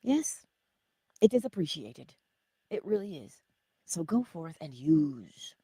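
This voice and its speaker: Husky-voiced woman hosting an inspirational livestream. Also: low-pitched, big pitch swings, takes it slowly, long pauses, warm tone, dry recording. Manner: playful, drops often into whispers and laughs; chatty, greets viewers by name. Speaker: livestream host.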